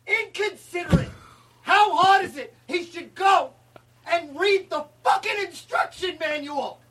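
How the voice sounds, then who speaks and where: A man playing a furious male roommate who shouts and swears in an over-the-top comic rant. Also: very high-pitched, a little slow. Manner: shouting, swearing, theatrical outrage. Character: ranting male roommate, furious comedy fan. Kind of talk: comedy bit, acted rant. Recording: distant mic, faint noise.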